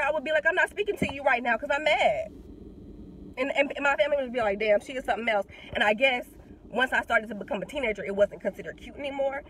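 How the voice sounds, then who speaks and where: A woman's voice: fairly high pitch, a little hiss or hum, poor audio. A young woman, talking bluntly and with heavy swearing in a casual monologue while getting over a cold. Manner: blunt, profane, animated. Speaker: vlogger. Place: in a car.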